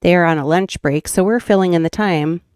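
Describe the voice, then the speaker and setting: Chatty Minnesotan woman, low voice. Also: fairly quick, darkish tone, clean tone, no room sound, clean studio sound. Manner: chatty, rambling, laughs often. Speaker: true crime YouTube host. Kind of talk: casual livestream chat.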